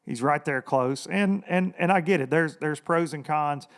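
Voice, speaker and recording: High-voiced rambling male podcast host. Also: moderate pace, a bit bright. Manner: rambling, profane, laughs often. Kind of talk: casual podcast talk.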